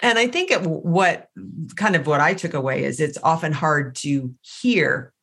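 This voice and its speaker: A woman's voice: low voice, a little slow, a bit bright, husky. A woman co-hosting a podcast, speaking in casual talk with a loose, laughing manner. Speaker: podcast co-host.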